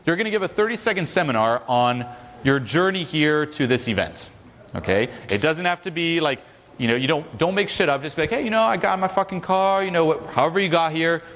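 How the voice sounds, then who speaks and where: Man, seminar leader, swears freely, fairly high voice, long echo of a big hall, crowd noise behind. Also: brisk. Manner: profane, energetic, coaching a crowd. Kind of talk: live seminar talk. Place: large hall with a live audience.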